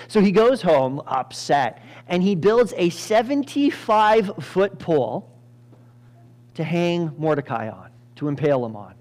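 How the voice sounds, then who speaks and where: Male pastor, animated church sermon, pitch jumps around a lot, breaks into the characters' voices. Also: a little slow. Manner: animated, acts out characters with sudden loud jumps, laughs often. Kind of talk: lively storytelling sermon.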